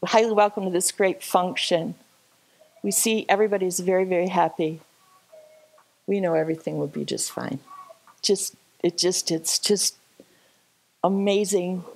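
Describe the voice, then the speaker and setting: A woman telling a lively, chatty story to a church congregation over a slideshow, laughing often. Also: on the low side, a little slow, long pauses, poor audio. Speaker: church speaker sharing a trip slideshow. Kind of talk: casual storytelling talk. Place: church service.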